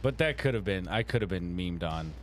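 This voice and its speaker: Male stream co-host, somewhat low voice, animated and laugh-prone, reads chat aloud over soft music. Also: fairly quick. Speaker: co-host reading chat on a live art stream.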